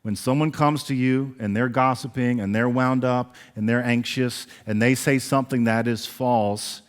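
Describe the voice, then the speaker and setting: A man preaching a sermon as pastor, animated and acting out the voices he quotes. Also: medium pitch, moderate pace, clean tone. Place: church sanctuary. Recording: long reverb of a large church hall.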